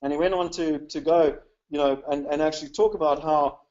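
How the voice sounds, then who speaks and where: A man's voice: fairly high pitch, fairly even intonation, brisk, darkish tone, highs cut off. A South African man from South Africa giving a casual, chatty webinar talk, upbeat and full of "you know" fillers. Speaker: webinar presenter.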